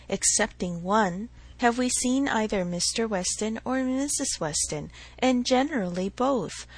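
A woman voicing a lively, self-assured young woman in a narrated novel, brisk and reassuring. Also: mid-range voice, slightly rough, no echo.

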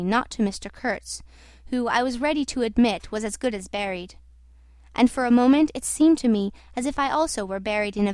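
A woman reading a novel aloud in a measured, reflective narrating voice. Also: a little high, a little mellow, no echo, clean studio sound. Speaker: audiobook reader. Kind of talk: literary narration.

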